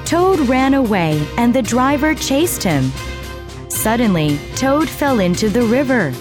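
Slow, expressive woman storyteller. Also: on the high side, over music. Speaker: narrator. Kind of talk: slow, clear storybook narration for learners.

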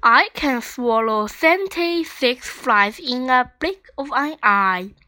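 A woman's voice: high-pitched, expressive, slow pace, bright, forceful tone, dry recording, heavily acted. A woman voicing a young boy turtle who tells fibs, earnest and a little worried, in a storybook reading.

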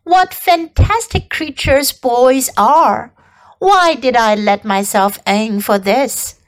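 A woman's voice: a little high, slow pace, low-quality recording. A woman voicing a fussy, sarcastic male rat who complains in long wordy strings. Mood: grumbling.

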